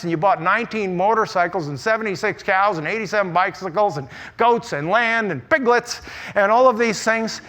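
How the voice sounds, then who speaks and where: A man preaching in a large church auditorium, his voice sitting high and ringing bright. He delivers an energetic conference sermon with humor and punchy emphasis, doubling back on words as he goes. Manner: humorous, emphatic, often repeats words and restarts. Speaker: pastor speaking at a church conference.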